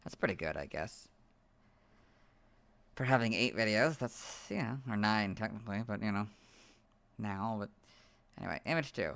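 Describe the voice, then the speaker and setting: A young man who is losing his voice, muttering asides while editing on a livestream, then reading out stat entries loudly. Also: on the low side, animated, normal speed, creaky, long pauses. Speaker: video creator editing on a livestream. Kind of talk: casual livestream chat and reading out stats.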